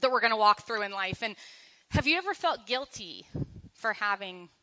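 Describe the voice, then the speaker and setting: Middle-aged woman leading a casual Bible study, bright and lively, acts out quotes, slightly muffled recording. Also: medium pitch, moderate pace. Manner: chatty, animated, laughs often, acts out quotes. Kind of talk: casual church talk to a group.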